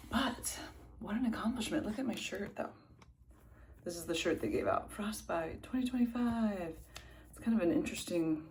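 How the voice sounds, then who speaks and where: A woman's voice: lowish voice, darkish tone, a little hiss or hum. A woman in her thirties chatting casually to camera in a rambling vlog, correcting herself as she goes. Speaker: vlogger. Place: home indoors, then outdoors at a race.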